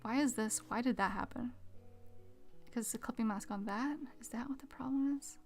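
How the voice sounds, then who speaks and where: A woman streaming her drawing, chatting casually with viewers and muttering quietly to herself as she works at a mic with a pop filter. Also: a little high, normal speed, soft background music. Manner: chatty, reads chat aloud, mutters quietly to herself while working. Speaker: art streamer. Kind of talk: casual live-stream chat while drawing. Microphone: desk mic with pop filter.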